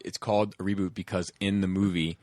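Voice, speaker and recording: A low-voiced man chatting loosely as a podcast host. He rambles through stories with plenty of fillers. The sound is close and dry, with no room echo. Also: level tone, brisk, darkish tone. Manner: rambling, acts out movie scenes with laughter. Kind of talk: casual chat.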